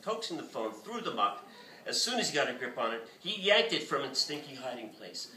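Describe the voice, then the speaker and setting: Lively man reading in an echoey bookstore. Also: mid-range voice, a little fast, distant mic. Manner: lively, expressive reading with shouted character lines. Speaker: author. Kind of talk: reading a novel aloud.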